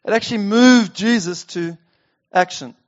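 A male pastor with a high voice reads scripture during his sermon and discusses it conversationally, using rhetorical questions, at a normal speed. The recording sounds dull and lo-fi.

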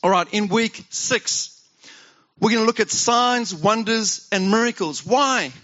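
A man's voice: high voice, a little slow, sharp tone, highs cut off. A man preaching a sermon as pastor, talking conversationally and asking the congregation questions.

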